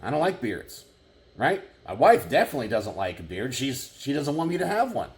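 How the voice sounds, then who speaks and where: A man's voice: medium pitch, very animated, brisk. A man hosting his own channel, talking earnestly to the camera and often checking in with "right?" and "okay?". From Texas. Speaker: gun channel host. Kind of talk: casual talk to camera.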